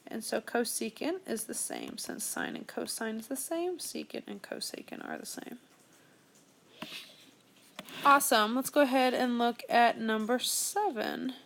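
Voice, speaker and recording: Young woman teacher talking thru math problems step by step, kinda high voice with some fry. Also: a little slow, a little hiss or hum. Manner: steady step-by-step explaining, thinking aloud. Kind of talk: screen-recorded math lesson.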